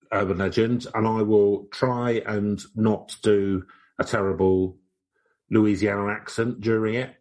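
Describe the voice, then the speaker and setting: A man co-hosting a podcast in casual comedic chat, joking in a dry, deadpan way. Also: on the low side. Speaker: podcast co-host.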